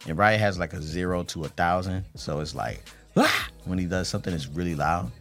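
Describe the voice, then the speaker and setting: A man in his thirties co-hosting a marriage podcast, telling a family story in a loose, animated, slangy way. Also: low-pitched, brisk, gravelly, soft background music. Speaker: podcast co-host. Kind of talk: casual chat.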